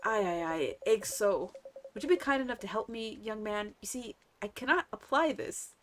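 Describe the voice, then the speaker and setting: A woman reading the lines of an aching old man villager, in a slow, weary, complaining way. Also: medium pitch, expressive, a bit bright, a little hiss or hum, natural voice.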